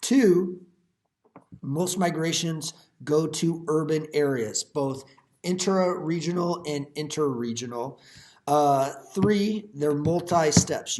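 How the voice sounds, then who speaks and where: A man who teaches high school, giving a recorded lecture over slides with jokey, folksy asides to his students. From Iowa.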